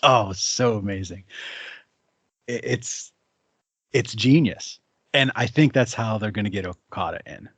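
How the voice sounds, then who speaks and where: A man's voice: fairly low pitch, unhurried, pauses often, fairly bright tone, breathy edge, no room sound. A man co-hosting a casual wrestling talk show, enthusiastic and rambling, full of fillers. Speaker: podcast co-host.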